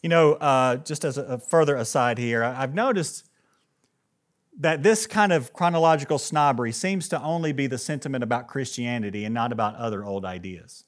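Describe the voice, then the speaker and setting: A man's voice: mid-range voice, brisk. A man preaching a sermon to his church in a conversational, earnest way, often restarting phrases and lifting his voice when he reads a quotation aloud. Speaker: pastor. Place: church service with live congregation.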